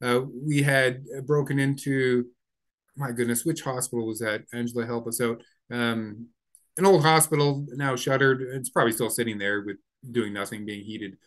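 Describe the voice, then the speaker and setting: A man's voice: mid-range voice, fairly even intonation, normal speed. A man telling a story on a video call, with many fillers and restarts. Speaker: memorial speaker. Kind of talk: casual spoken recollection.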